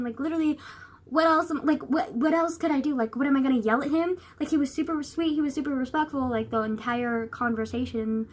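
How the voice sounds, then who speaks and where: A woman's voice: high-pitched, fast, slight background noise. A young woman vlogging in a rambling, casual way, full of "like" and swearing. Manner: rambling, filler-heavy, swears a lot. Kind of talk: casual chat.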